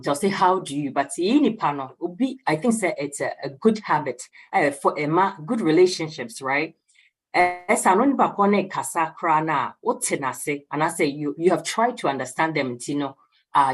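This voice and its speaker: A woman's voice: low voice, slightly rough. A Ghanaian woman explaining ideas on a radio talk program, mixing English and Twi and calling her listener "dear". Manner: mixes English and Twi, warm address with "dear". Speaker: radio program guest speaker.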